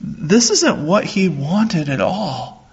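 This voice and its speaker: A man preaching a sermon as a pastor, slow and earnest, repeating his phrases. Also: sits high, very animated, breathy edge, muffled recording.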